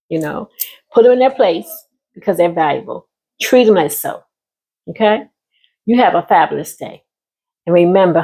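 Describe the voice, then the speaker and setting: A woman's voice: lowish voice, a little mellow, breathy edge. Emphatic woman calling everyone honey. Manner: emphatic, calls listeners honey and baby, bursts of whooping. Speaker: vlogger giving life advice. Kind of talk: heartfelt casual monologue.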